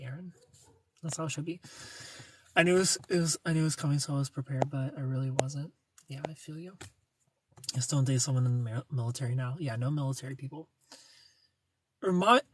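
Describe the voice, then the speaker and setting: With a fairly bright, a little high voice and a breathy edge, a young man runs a laid-back livestream, reading comments, joking playfully and greeting viewers by name. There is no echo.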